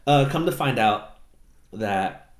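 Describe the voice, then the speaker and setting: A man's voice: medium pitch, animated, takes it slowly. A man casually recapping an anime plot, animatedly acting out the characters in silly voices and swearing offhand. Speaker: podcast co-host recapping an anime. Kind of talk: casual chat. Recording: roomy echo.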